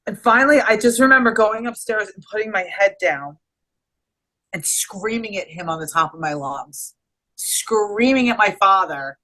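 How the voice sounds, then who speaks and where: Woman interview guest, bright and forward tone, earnest, rambling delivery with restarts. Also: medium pitch, expressive, moderate pace, rough recording. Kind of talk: personal storytelling in conversation.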